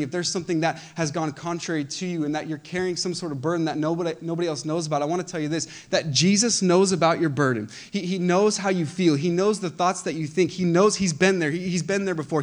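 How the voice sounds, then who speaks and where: A man preaching a sermon as pastor, impassioned and repeating phrases as he builds to loud emphatic peaks. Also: a little high.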